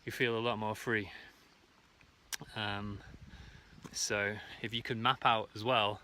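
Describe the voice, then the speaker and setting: A man's voice: lowish voice, little pitch movement, takes it slowly, pushed and bright, a little hiss or hum. A man vlogging outdoors while hiking uphill, out of breath, talking in an earnest, rambling way about letting go of needing to be right. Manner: earnest, rambling, many fillers. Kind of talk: reflective self-help monologue. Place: outdoors on a hike.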